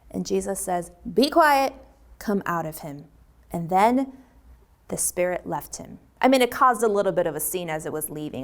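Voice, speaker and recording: A woman teaching a children's Bible lesson in a lively, chatty way, often asking her listeners questions. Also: on the low side, creaky.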